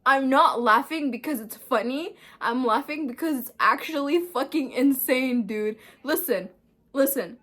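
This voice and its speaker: A woman hosting a casual news commentary video, chatty and animated, with laughing asides and the odd swear. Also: high-pitched, measured pace. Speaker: host.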